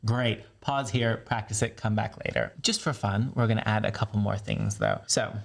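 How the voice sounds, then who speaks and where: A man's voice: moderate pace, creaky, over music. North american voice coach guy, playful, talks you through exercises. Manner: encouraging, playful, demonstrates pitch lifts and counting. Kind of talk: voice training lesson.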